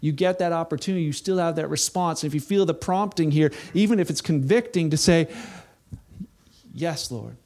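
A man's voice: a little high, fast talker, hardly any pauses. Earnest male pastor preaching a sermon. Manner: earnest, building to impassioned peaks then dropping soft.

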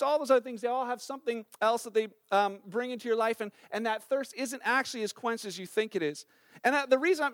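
A middle-aged pastor preaches a sermon in church, telling stories in a chatty, animated, conversational way packed with fillers. His voice is very high, and the studio-quality recording has no room sound.

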